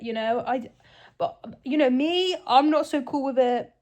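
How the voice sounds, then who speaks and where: Young woman book vlogger, slightly high voice, chatty and sarcastic, reading at home. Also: moderate pace, darkish tone. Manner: chatty, amused, sarcastic asides. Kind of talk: casual reading vlog. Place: home kitchen.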